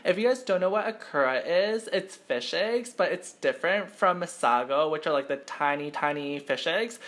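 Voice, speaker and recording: A man's voice: a little high, animated, moderate pace, fairly bright tone. Chatty young man hosting a mukbang. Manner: chatty, filler-heavy, rambling with lots of "like" and "um"; self-conscious, admits to nervousness. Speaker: mukbang host. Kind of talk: casual eating-show chat to camera.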